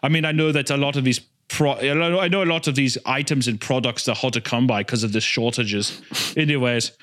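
Laid-back co-host, mid-pitched man, talks in loose, restarting rambles over a video call. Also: a little fast, fairly bright tone. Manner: rambling, with frequent restarts and swearing. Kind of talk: casual comedy chat.

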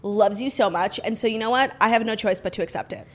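A woman's voice: on the high side, quick pace. A young woman co-hosting a podcast, chatting casually with lots of "like" and "um" fillers. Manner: chatty, many likes and ums. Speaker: podcast co-host. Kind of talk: casual chat.

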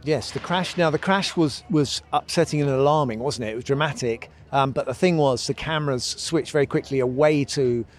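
A man chatting on a podcast as a pundit, halting with frequent restarts. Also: medium pitch, a little hiss or hum. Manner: halting, restarts often, chuckles between thoughts. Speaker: pundit and former driver. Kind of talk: casual podcast chat.

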